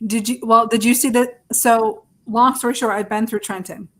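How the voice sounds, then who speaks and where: A chatty woman host talks casually and familiarly with her guest, using easy terms of endearment. Her voice sits somewhat high for a woman. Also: fairly even intonation, normal speed, fairly bright tone. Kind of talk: casual interview chat.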